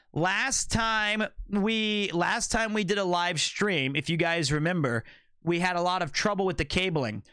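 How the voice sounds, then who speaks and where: A man's voice: high voice, bright, forceful tone, clear, resonant tone, no room sound, clean studio sound. A man livestreaming and chatting casually with viewers, playful and joking, swearing freely.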